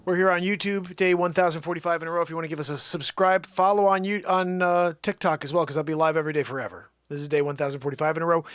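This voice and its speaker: A man's voice: fairly high pitch, fairly bright tone, no room sound. A young man hosting a music livestream, joking and rambling as he greets viewers by name. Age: young adult. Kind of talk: casual livestream chat.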